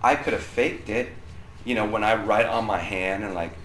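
A middle-aged man with a loud voice that carries, giving a casual youth sermon to a group of students and often checking in with "right?". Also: fairly low pitch, normal speed, a little hiss or hum. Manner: conversational, often checks in with 'right?'. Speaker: youth pastor. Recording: roomy echo.

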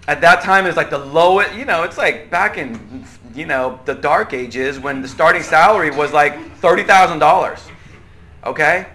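A young adult man leading a church group discussion, conversational and animated, often asking questions. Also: fairly high pitch, normal speed. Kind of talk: interactive church teaching.

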